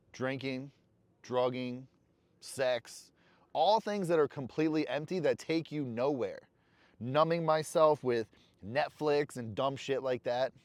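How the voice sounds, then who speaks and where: This man speaks in a mid-range voice with no echo. As a vlogger in a casual motivational video, he smokes a cigar while rambling candidly at the camera, cursing bluntly in a kind of self-talk.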